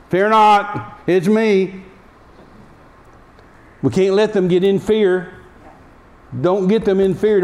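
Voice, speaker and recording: A man's voice: high voice, a little mellow. A man preaching a sermon, emphatic and repetitive, acting out the voices in the story. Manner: emphatic, repeating key phrases; acts out the story's speakers.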